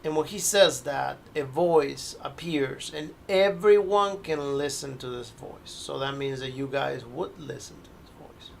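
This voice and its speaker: Slow gravelly man narrating as game master. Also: mid-range voice, a little hiss or hum. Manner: slow, hesitant storytelling. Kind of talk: narrating a tabletop horror game.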